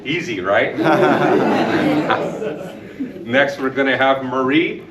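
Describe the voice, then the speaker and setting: A man's voice: mid-range voice, extremely slow. A man hosting a club session in an upbeat way, joking with the audience between speakers. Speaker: table topics master. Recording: echoey room, mic far off, loud background noise.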